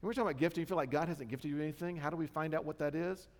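This pastor talks rapid-fire in a voice on the high side, preaching to his congregation with a casual, self-mocking style and frequent check-ins. The sanctuary gives the recording a long church hall reverb.

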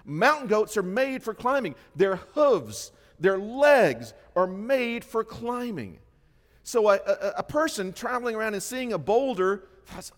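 A middle-aged man preaching a sermon, lively and conversational, acting out the voices he quotes. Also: high-pitched, unhurried. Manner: animated storytelling, acts out quoted voices. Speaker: pastor. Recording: long hall reverb.

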